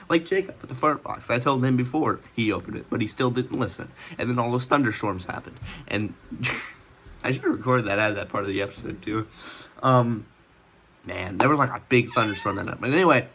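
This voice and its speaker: A man's voice: medium pitch, pushed and bright, slight background noise. Rambling teenage guy recounting a dream. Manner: rambling, frequent restarts and fillers, laughs often. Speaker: vlogger. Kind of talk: casual storytelling.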